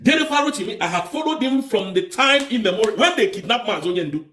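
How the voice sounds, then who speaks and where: A man's voice: sits high, expressive, fast talker, pushed and bright, echoey room, a little hiss or hum. A man with a Nigerian accent giving an impassioned political livestream, fiery and repetitive, firing off rhetorical questions. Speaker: livestream commentator.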